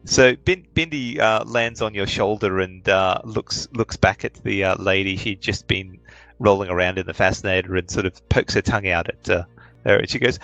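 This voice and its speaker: A man narrating a tabletop game as game master, with halting speech full of fillers. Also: deep voice, fairly bright tone, no echo, rough recording.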